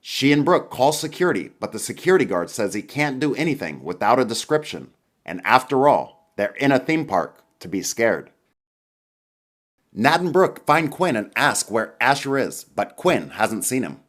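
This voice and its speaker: A man narrating a scripted movie summary in a lively storytelling manner. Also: mid-range voice, moderate pace.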